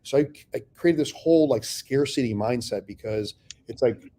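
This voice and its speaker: A man with a dark, mellow voice tells his business stories with blunt, profane candor. He talks in a loose, conversational way, breaking into the voices of people he once argued with. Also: medium pitch, moderate pace. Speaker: real estate investor guest. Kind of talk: candid conversational storytelling.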